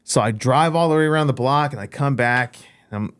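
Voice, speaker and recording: A man casually telling a personal faith story, acting out his own lines with lively emphasis. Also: mid-range voice, brisk, clear, resonant tone, no echo.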